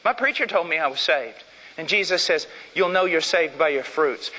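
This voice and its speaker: A man preaching a sermon with fervor, repeating phrases for emphasis and swinging from loud to low. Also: lively intonation, fairly quick, long reverb tail, low-quality recording.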